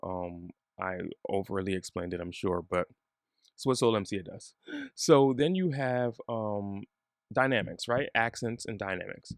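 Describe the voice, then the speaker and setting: A man giving a relaxed, chatty bass lesson, joking at his own expense. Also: unhurried, no echo, clean studio sound. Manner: relaxed, chatty, self-deprecating. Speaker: bass teacher.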